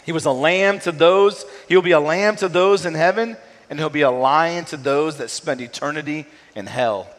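A middle-aged man preaching a sermon in a casual, conversational way, often tagging his points with a quick question to the room. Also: on the high side. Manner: conversational, frequent tag "right?". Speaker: pastor. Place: church sanctuary. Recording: long hall reverb.

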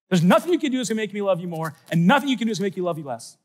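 A middle-aged man giving an animated faith talk at a youth conference, telling stories with sudden shouts and soft asides. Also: high voice, racing, hardly any pauses. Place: large conference hall.

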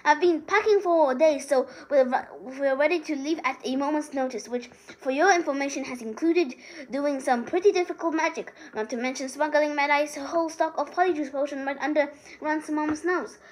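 A woman's voice: high voice, moderate pace, voice pushed up, natural voice, low-quality recording. A woman voicing an anxious, bookish teenage witch who talks earnestly and stammers. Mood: determined.

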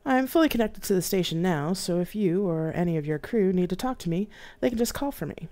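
A woman voicing a smooth, courteous male starship AI with a slight accent. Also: on the low side, animated, a little fast, dark tone, pitched above the performer's own voice, lightly acted.

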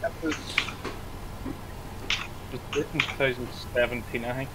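A man's voice: medium pitch, steady tone, moderate pace, heavy background noise. A man, calling into a game stream, blunt and sweary in his banter. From Tyrone, Northern Ireland. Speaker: caller on the stream.

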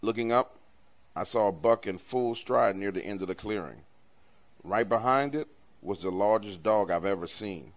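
A man with a fairly low voice narrates a scripted first-person horror story. His telling is hushed and somber, kept low and close. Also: normal speed, slight background noise. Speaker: storyteller recounting an encounter.

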